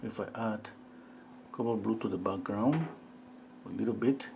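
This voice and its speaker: Calm, musing male painting teacher. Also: fairly low pitch, gravelly, a little hiss or hum. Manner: calm, musing, talks to himself while working, many pauses. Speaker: art teacher painting live. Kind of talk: thinking-aloud painting demonstration.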